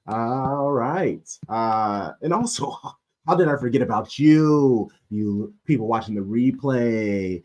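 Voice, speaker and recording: A man's voice: medium pitch, slow pace, a little mellow. A man hosting a casual live-stream sports chat, playful and joking, laughing often. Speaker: podcast host.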